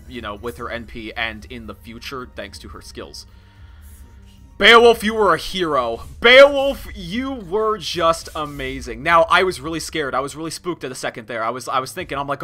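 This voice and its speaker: An excitable man narrating his own gameplay with a very bright, ringing voice. His pitch leaps around constantly, and he laughs and shouts before dropping to quiet asides. Soft music plays underneath. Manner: excitable, laughing, swings from loud outbursts to low mutters. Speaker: game streamer.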